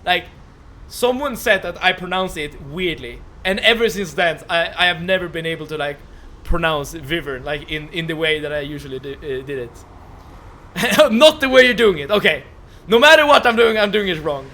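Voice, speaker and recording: A young man with a Swedish accent chats with his live-stream viewers while playing a game, stammering, repeating words a lot, and laughing often. His voice is on the high side, animated, at normal speed, with soft game music behind him.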